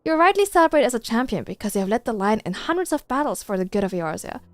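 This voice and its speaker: A woman's voice: on the high side, very animated, fast talker, dry recording, soft background music. A woman voicing an earnest, dutiful young queen while reading game dialogue aloud. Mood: earnest, solemn.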